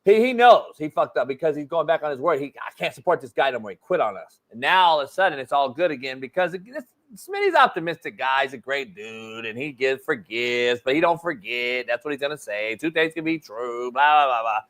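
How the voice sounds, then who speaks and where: A man's voice: mid-range voice, expressive, a little fast, hardly any pauses, a bit bright. A man hosting a sports talk show, arguing bluntly and with profanity, repeating himself to take the floor. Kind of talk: heated sports debate.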